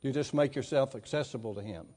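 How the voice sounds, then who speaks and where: Middle-aged guy preaching a sermon, folksy, reads scripture, gets loud on key points. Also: medium pitch, fast talker. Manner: folksy preaching, reading scripture aloud, swelling louder for emphasis.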